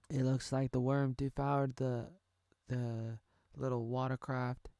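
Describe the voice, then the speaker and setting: A man's voice: mid-range voice, flat delivery, slow pace, warm tone, no echo, studio quality. A man in his thirties from the United States giving a rambling, jokey reaction commentary while watching a show. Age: 30s. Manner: rambling, jokey, thinking aloud. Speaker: reaction video creator.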